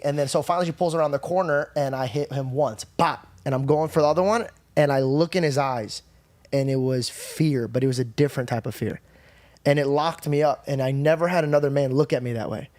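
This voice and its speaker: A young man on a podcast telling a personal story in a candid, profane, animated way. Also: fairly high pitch, fairly quick, no room sound. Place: podcast studio.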